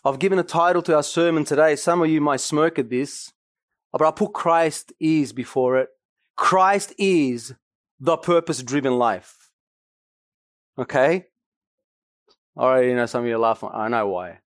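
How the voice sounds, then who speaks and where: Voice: medium pitch, moderate pace, long pauses, dry recording, studio quality. A pastor preaching a sermon emphatically, with asides to the congregation.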